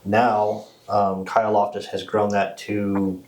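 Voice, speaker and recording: A man hosting a podcast, talking casually in a rambling, animated way. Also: fairly low pitch, takes it slowly, a little hiss or hum, low-quality recording. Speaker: podcast host. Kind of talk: casual chat.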